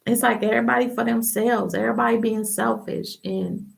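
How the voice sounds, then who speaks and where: Gravelly-voiced woman giving candid testimony. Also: a little high, brisk. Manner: animated, acts out quoted voices; emphatic and candid. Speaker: podcast host. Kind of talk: personal testimony, casual talk.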